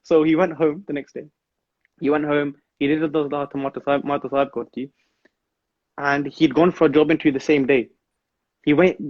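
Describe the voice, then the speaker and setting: A man speaks quickly and earnestly in a devotional talk, slipping in Punjabi phrases. His voice sits a little high. The audio is dry and dull, like a lo-fi stream. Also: no echo. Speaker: guest speaker on a live stream.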